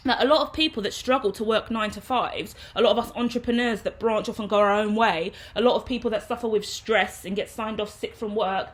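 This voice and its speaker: A woman's voice: mid-range voice, fairly quick, hardly any pauses. A woman, a tarot reader, talking frankly and loosely in a casual vlog monologue. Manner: frank, rambling, conversational.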